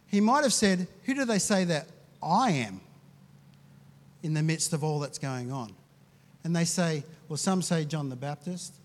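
A man preaching a sermon as pastor, talking conversationally and acting out the people in the story. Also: sits high. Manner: conversational, with restarts and acted quotes. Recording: long hall reverb.

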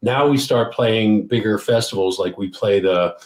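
A man's voice: on the low side, moderate pace. Roomy-voiced man telling band stories. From Maryland, US. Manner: rambling, animated storyteller. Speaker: guest musician. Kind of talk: casual storytelling interview.

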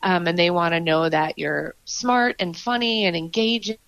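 A woman's voice: fairly low pitch, moderate pace, a bit bright, no echo, rough recording. A woman improv performer as a podcast guest, talking in an earnest, reflective way with frequent fillers and restarts. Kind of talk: conversational interview.

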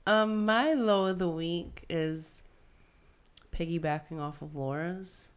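A low-pitched woman around thirty in a relaxed podcast chat. She swears freely and plays out both sides of her story. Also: slow, clean tone. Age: 30s. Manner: profane, storytelling, often quoting herself. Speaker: podcast co-host. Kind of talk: casual chat.

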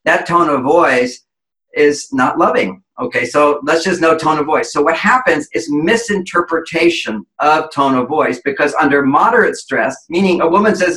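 A man lectures emphatically on relationships as an interview guest, his voice bright and fairly high for a man. Now and then he acts out quoted voices as he explains. The sound rings in an echoey room. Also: animated, moderate pace.

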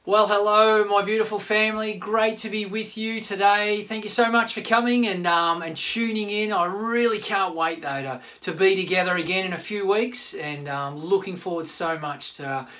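A man's voice: high-pitched, normal speed, few pauses. A man, a pastor giving a chatty online sermon and talking straight to his listeners. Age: 50s. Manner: chatty, animated, addresses listeners directly.

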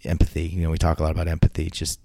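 Interview guest, man, low voice, rambles and restarts, dead-dry recording. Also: monotone, rapid-fire, gravelly, warm tone, no echo. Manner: rambling, frequent restarts and repeated words. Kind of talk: casual anecdotal storytelling.

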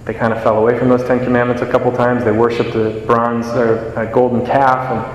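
A man's voice: medium pitch, little pitch movement, fairly quick, lo-fi sound, slight background noise. Young man preaching in an echoey church. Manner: conversational, self-deprecating storytelling. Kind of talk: homily. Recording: echoey church with long reverb.

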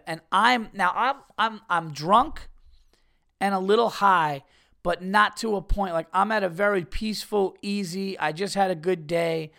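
A man's voice: high-pitched, vocal fry, fairly bright tone. A man hosting a podcast, telling a rambling, profane story in a casual way and laughing at his own tale. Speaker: podcast host.

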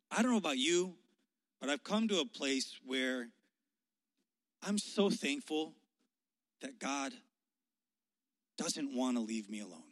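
A male youth pastor telling a story in a sermon, animated and conversational, often restarting his sentences. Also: mid-range voice, in a large hall.

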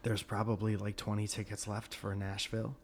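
A man's voice: on the low side, monotone, a little fast, slight background noise. A man hosting a podcast, chatting casually and joking while plugging his stand-up dates. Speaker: comedian and podcast host. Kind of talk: casual chat.

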